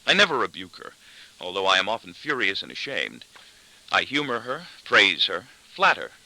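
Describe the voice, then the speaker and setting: A man's voice: on the low side, big pitch swings, normal speed, vocal fry, pushed and bright, low-quality recording. A man reading an audiobook in the first person, with a dry, wry delivery. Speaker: audiobook narrator. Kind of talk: scripted narration.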